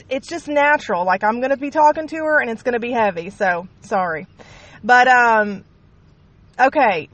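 A woman's voice: high voice, fairly bright tone, no echo. Chatty, rambling Kentucky woman host. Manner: rambling, laughing, apologetic asides. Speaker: podcast host. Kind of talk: casual interview.

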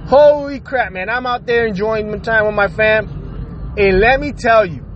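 A man's voice: sits high, unhurried. A man hosting his own show in a casual, profane rant, laughing as he goes. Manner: profane, animated, laughs while ranting. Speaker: podcast host. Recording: slightly dull audio with faint noise.

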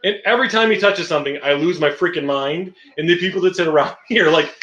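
A man's voice: on the high side, quick pace, fairly bright tone, roomy sound, highs cut off. A man hosting a casual livestream, asking questions and venting animatedly with swearing.

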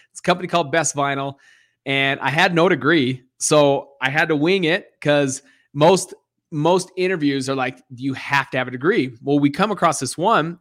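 Animated man telling his story. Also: on the high side. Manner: animated storyteller acting out dialogue. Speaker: guest, real estate investor. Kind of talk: storytelling interview.

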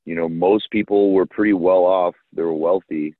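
A man born in the United States in a casual chat, talking in a relaxed, joking way and trailing off with fillers. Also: sits low, normal speed, no echo, narrow, tinny audio.

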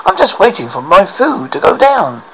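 A man voicing a calm, clever little boy with a steady manner in a read-aloud storybook. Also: high-pitched, normal speed, slight background noise, full character voice, poor audio.

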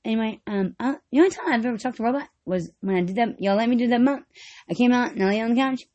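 A woman's voice: a little high, very fast, a little mellow. A woman vlogger telling rambling, casual stories, swearing freely and breaking into frequent giggles.

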